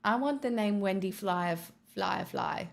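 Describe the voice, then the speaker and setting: A woman in a casual stream chat, her mid-pitched voice carrying a steady gravelly fry. She answers viewer messages with dry, sardonic asides and keeps tossing in "right?". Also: measured pace. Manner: wry and sardonic, peppered with "right?" and "truly". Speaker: streamer reading viewer donations.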